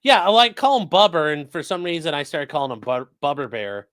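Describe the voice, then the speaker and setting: A man's voice: fairly high pitch, very animated, a little fast, fairly bright tone, dry recording, clean studio sound. A man giving casual live-stream legal commentary, reading chat messages aloud and swearing bluntly. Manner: profane and blunt, swearing freely; breaks off to coax his dogs in a sing-song voice.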